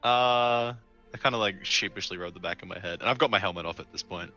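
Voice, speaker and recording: A man's voice: low-pitched, fast talker, pushed and bright, dull audio, soft background music. A man playing a tabletop game, talking in a jokey, casual way with some swearing. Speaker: player.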